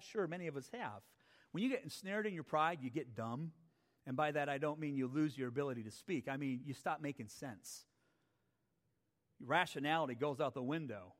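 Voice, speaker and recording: A man preaching as pastor to his church, animated, acting out quotes and putting questions to the congregation. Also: sits high, big-room sound. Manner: animated, acts out voices and asks the congregation questions. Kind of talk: sermon. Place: church sanctuary.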